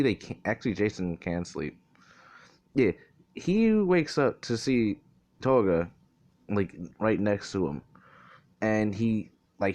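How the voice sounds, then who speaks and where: This young man, whose somewhat low voice has a darkish tone, tells an invented fan story in an offhand, unscripted way. Profanity comes easily as he wanders off track and repeatedly corrects himself mid-thought.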